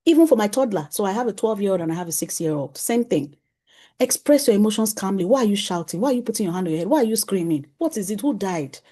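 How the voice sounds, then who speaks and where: A woman speaks to a room of parents as a parenting coach. Her voice sits at a middle pitch with a warm, mellow colour. She is animated, chuckles often, and acts out little family dialogues as she teaches. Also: fast. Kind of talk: conference talk to parents.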